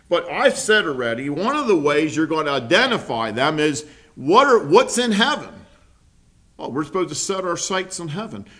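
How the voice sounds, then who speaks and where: A man teaching a Bible lesson to a small group, earnest and halting, often restarting his sentences. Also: fairly high pitch, a bit bright. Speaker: preacher.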